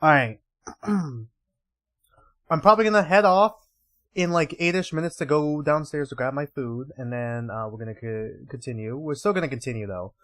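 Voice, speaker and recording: A man's voice: a little high, moderate pace, a bit bright. A man casually commenting during live gameplay, loose and rambling. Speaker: gaming streamer.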